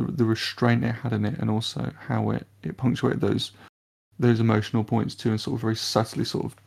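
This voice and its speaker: Gravelly man musing over a film. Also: mid-range voice, a little mellow. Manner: hesitant, many restarts and fillers. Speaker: podcast co-host. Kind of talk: casual film review chat.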